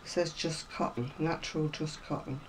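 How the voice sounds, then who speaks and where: A woman's voice: low voice, fairly even intonation, normal speed, a little hiss or hum, low-quality recording. A woman chatting casually to viewers about craft magazines, rambling and self-deprecating, a little unwell. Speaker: craft vlogger.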